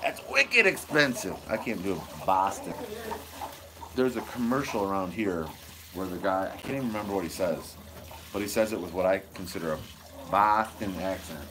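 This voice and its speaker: A man with a fairly low voice chatting loosely on a live stream, goofy and rambling as he answers viewers one by one. He is recorded outdoors on a lapel mic, and a clear layer of outdoor noise runs under his voice. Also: normal speed. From Michigan. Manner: goofy, rambling, reads viewer comments aloud. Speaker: homesteading channel host. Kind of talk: casual live stream chat. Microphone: wireless lapel mic.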